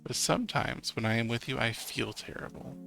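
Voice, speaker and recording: A man voicing a quiet, hesitant teenage girl who speaks softly. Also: medium pitch, fairly quick, vocal fry, over music. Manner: soft, hesitant.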